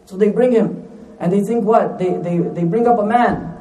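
A man's voice: sits high, moderate pace, mellow, echoey room, recorded from a distance, a little hiss or hum, rough recording. A man preaching a sermon, repeating lines for emphasis, asking rhetorical questions and mixing in recited Arabic phrases.

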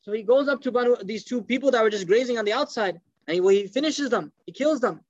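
A man with a high voice tells a religious story at a quick clip, acting out each quoted line. The recording is dull and lo-fi, with a dry, close sound and no room echo. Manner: animated storyteller, acts out quoted speech. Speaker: religious teacher. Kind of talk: storytelling lecture.

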